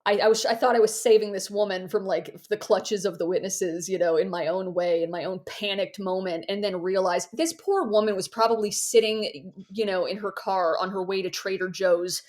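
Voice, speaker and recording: A woman's voice: mid-range voice, normal speed, hardly any pauses. A young adult woman, a podcast guest, telling a story with energy, laughing at herself and acting out the voices of the people in it. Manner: animated, self-mocking, acts out voices in her anecdotes. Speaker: guest, author and ex-Jehovah's Witness activist. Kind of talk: casual storytelling in a podcast interview.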